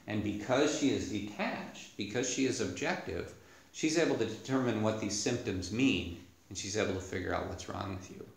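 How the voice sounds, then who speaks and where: Male meditation teacher, low voice, patient explanatory dharma talk, echoey room. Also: creaky. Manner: unhurried, explanatory, with many "you know"s.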